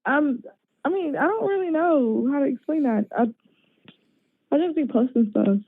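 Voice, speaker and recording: A woman's voice: sits high, expressive, moderate pace, no room sound. A woman calling in to a live stream, playful and insistent, heard over a phone line. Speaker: caller.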